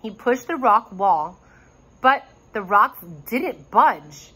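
Expressive woman reading a storybook aloud. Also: a little high, slow, husky, low-quality recording. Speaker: reader. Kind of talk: reading a children's chapter book aloud.

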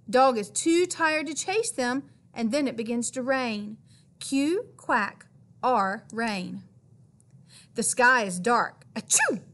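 A woman reading a children's picture book aloud in a gentle, playful way, sounding out each letter. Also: high-pitched. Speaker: children's story reader.

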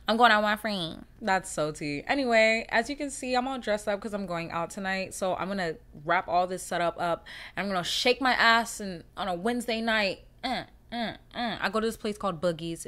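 A woman's voice: medium pitch, a bit bright. A young woman hosting her own podcast, talking candidly and casually to her listeners with heavy cursing. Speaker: podcast host. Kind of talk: casual solo monologue.

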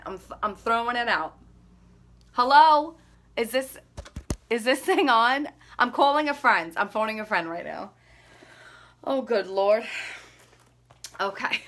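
Woman, 30s, vlogger; chatty, self-amused, bright forward tone, mid pitch. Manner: chatty, rambling, laughs at herself. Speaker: beauty vlogger. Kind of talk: casual chat during a makeup routine.

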